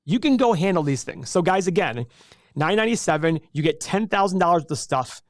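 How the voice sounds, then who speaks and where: Guy pitching his investing course, high-ish voice, super energetic, dry close sound. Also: fairly quick, no echo. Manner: energetic, animated salesman pitch. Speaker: host teaching an investing class. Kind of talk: live webinar teaching.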